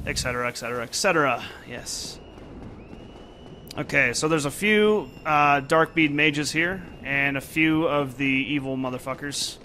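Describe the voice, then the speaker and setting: A young man narrating his gameplay at an unhurried pace, his voice sitting a little high for a man. He mutters and curses at the enemies as he plays. A steady hiss of noise runs under the recording. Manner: frustrated, swearing, talking to himself while playing. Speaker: gameplay commentator. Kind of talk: let's play commentary.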